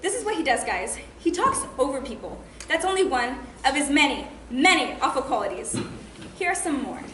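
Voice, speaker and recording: A woman's voice: high-pitched, very animated, brisk, a bit bright. A young woman giving a comic stage monologue in an exasperated, mocking, complaining way. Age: teens to young adult. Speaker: student performer. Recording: echoey room, faint noise.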